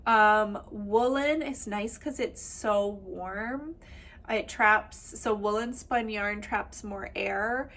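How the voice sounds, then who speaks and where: A woman's voice: mid-range voice, takes it slowly, a bit bright. A woman with a slightly nasal voice, chatting casually to camera as the host of a knitting and spinning vlog. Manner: chatty and upbeat, many fillers and little laughs. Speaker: knitwear designer and vlog host.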